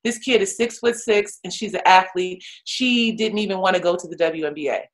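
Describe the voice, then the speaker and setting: A woman's voice: brisk, poor audio. A woman, a retired pro athlete turned coach, telling a story casually with lots of "like" and "you know" fillers. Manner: animated, acts out others' voices with big pitch jumps.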